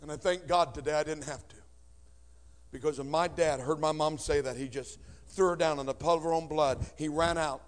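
A man with a notably high voice delivers an emotional sermon to a congregation. He swings from hushed confession to shouting. It is a personal testimony with raw feeling. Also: steady tone, fairly quick. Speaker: preacher. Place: before a congregation.

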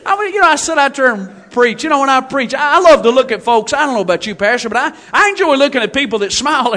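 A man preaching in church with a very high, bright, ringing voice. He delivers his sermon in a folksy, animated way, with joking asides and sudden shouted emphasis.

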